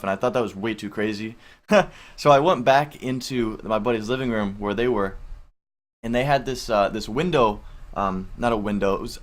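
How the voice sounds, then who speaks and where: A young adult man casually telling a personal story to camera, rambling and full of filler words, with casual swearing. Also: lowish voice. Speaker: vlogger.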